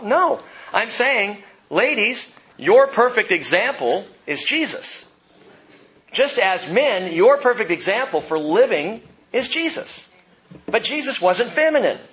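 A middle-aged man delivers a sermon in a bright, fairly high voice. He tells stories with wide swings from hushed to loud, and the recording sounds dull and lo-fi. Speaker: pastor.

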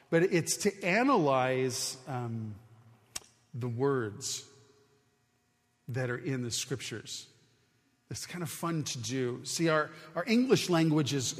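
A man's voice: mid-range voice, big-room sound. A man preaching a sermon as a pastor, teaching in an earnest, conversational way with frequent restarts.

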